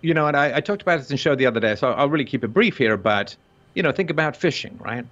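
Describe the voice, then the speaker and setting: A man in mid-pitch lays out his argument in a lively, conversational flow, breaking into quick mock voices. The recording is dull and lo-fi, as if the highs are rolled off. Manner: animated, acts out short mock quotes. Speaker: guest. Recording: dull lo-fi sound.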